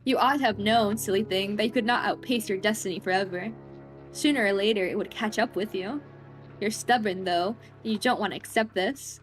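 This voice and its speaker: A woman's voice: medium pitch, brisk, faint music behind. A woman streamer reading a horror visual novel aloud in a dramatic voice, breaking off into scared, jokey reactions.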